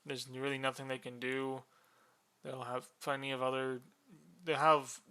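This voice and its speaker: A man casually explaining the rules of a board game unit, relaxed and drowsy, with many fillers and yawns. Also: mid-range voice.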